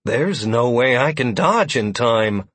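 A male narrator voicing a young male adventurer who leads the party, speaking in an urgent, excitable way. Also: mid-range voice, slow, breathy edge, dry recording, heavily acted. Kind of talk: audiobook character voice.

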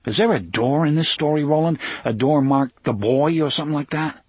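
A man voicing a quick, jokey young man who talks fast and challenges the hero. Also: a little high, breathy edge, no room sound, pitched above the performer's own voice. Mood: eager. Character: young adult man, wisecracking and eager.

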